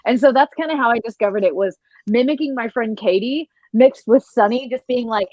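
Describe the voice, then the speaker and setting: Young woman with a textured, husky voice. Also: fairly high pitch, fairly quick, hardly any pauses, no echo, lo-fi sound. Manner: rambling storyteller who mimics voices. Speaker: voice actor on a panel. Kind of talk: casual panel chat.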